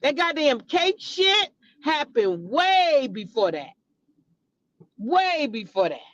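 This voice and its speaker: Slow, emphatic gossiping woman host. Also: sits high, big pitch swings, fairly bright tone, lo-fi sound. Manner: emphatic, repetitive, profane, talks straight to viewers. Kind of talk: casual gossip commentary.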